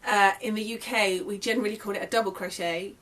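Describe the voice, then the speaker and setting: A young woman with an English accent talks through a beginner's crochet lesson. She is chatty and friendly, and she restarts her sentences as she explains, at an ordinary pitch. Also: steady tone, fast talker, fairly bright tone. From England. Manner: chatty, friendly, self-correcting. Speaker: crochet designer and teacher. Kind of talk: casual tutorial.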